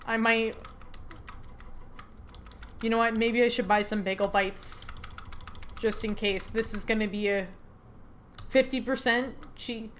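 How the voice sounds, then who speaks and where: A woman's voice: fairly high pitch, slight background noise. Young woman giving nervous game commentary. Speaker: game developer playing her own game. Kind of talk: casual gameplay commentary.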